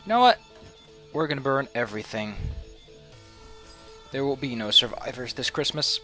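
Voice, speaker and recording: A man's voice: medium pitch, expressive, moderate pace, bright, forceful tone, faint music behind. A man giving casual gameplay commentary as a let's play host, with sarcastic, mock-villainous rants and swearing.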